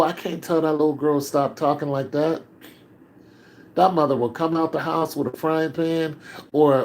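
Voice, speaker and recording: An older man speaking in a heated, emotional monologue, climbing close to shouting as he grows upset and sinking low and weary when he gives up. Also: poor audio. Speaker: commentator.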